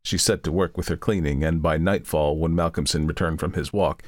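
A man narrating a storybook in a steady, measured reading. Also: extremely low pitch, dry recording, clean studio sound. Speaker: audiobook narrator. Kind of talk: scripted narration.

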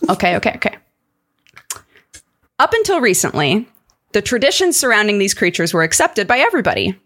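A woman's voice: mid-range voice, very animated, fast, a bit bright. A woman guest on a podcast, narrating a story in a dramatic, playful way.

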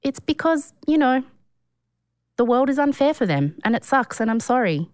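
A woman's voice: high voice, very animated, moderate pace, a little mellow, no room sound. A woman with an Australian accent co-hosting a podcast in playful casual chat, laughing often. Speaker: podcast co-host.

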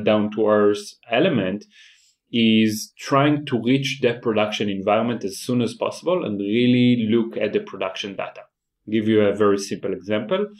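Guest: low-pitched man, halting explainer, repeats words. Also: a little mellow. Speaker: guest, AI company founder. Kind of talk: technical interview talk.

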